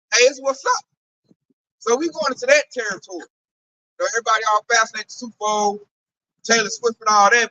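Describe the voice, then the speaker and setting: Bright-voiced man preaching in slang. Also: extremely high pitch, no echo, far from the mic, lo-fi sound. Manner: slangy, acts out quoted voices. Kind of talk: street-style sermon commentary.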